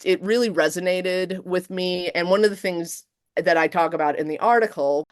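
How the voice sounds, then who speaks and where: Animated woman professor, lowish dry voice. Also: dry recording. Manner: animated, acts out quotes with big pitch jumps. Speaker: guest professor. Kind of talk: casual interview chat.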